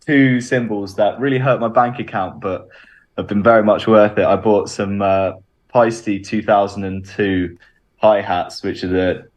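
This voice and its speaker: A man's voice: fairly low pitch, fairly even intonation, unhurried. A man, a band's drummer, answering radio interview questions with many ums and restarts. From Bristol, England. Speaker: band drummer, interview guest.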